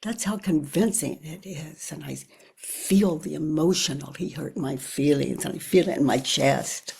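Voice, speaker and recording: An older woman leading a guided self-inquiry, talking slowly and reflectively with pauses and often sinking to a near whisper. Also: sits low, creaky, a little mellow, slightly rough. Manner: thinks aloud with pauses. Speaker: spiritual teacher.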